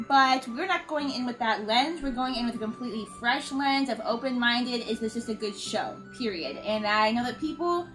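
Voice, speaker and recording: A chatty woman hosts a relaxed conversation, her voice sitting a little high, often breaking into laughter. Faint music plays softly behind her. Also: normal speed, few pauses, poor audio. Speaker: host. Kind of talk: casual chat.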